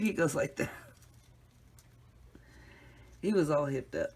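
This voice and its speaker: A woman's voice: sits low, animated, slow pace, long pauses, a little mellow, husky. A middle-aged woman casually telling a rambling story to her viewers, laughing often and calling them y'all. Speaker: craft vlogger.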